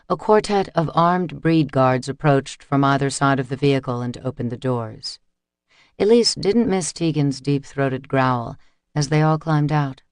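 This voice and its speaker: A man reading an audiobook in steady, measured scripted narration, recorded close on a studio mic. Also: medium pitch, clean tone, no echo.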